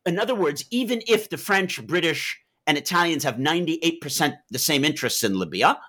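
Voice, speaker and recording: A man's voice: a little high, expressive, brisk, pushed and bright. A man being interviewed as an author, answering in a discursive way and telling anecdotes with dialogue.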